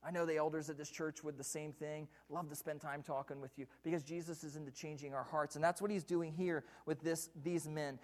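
A man's voice: a little high, fairly even intonation, a little fast, hardly any pauses, a little mellow. A man preaching a sermon from a church pulpit, repeating key lines and putting questions to the congregation. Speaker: pastor.

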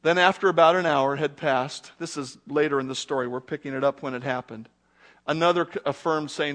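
A middle-aged man preaching a sermon in an animated, conversational way, full of rhetorical questions to his congregation. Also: fairly high pitch, a little fast. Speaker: pastor.

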